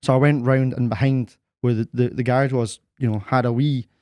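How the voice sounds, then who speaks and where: A young man co-hosting a podcast, telling rambling, animated stories full of "I was like". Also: mid-range voice, brisk, no echo. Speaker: podcast co-host. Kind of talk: casual chat, storytelling.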